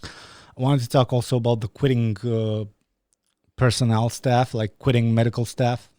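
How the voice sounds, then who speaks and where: A podcast host from Romania speaking English with a Romanian accent, ranting angrily with heavy swearing and frequent restarts. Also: male voice, medium pitch, level tone, moderate pace, mellow, no room sound, studio quality. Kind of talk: angry profane monologue.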